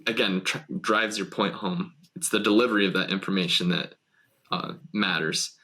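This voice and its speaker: A man with a fairly low but bright, forceful voice hosts a relaxed interview. He feels his way through his thoughts, restarting and hedging as he talks. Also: normal speed. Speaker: podcast host. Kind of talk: casual conversational interview.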